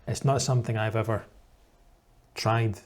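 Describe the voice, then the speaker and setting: A man's voice: on the low side, steady tone, unhurried. A man in the role of an English teacher, giving reaction commentary for learners in a patient, explanatory way.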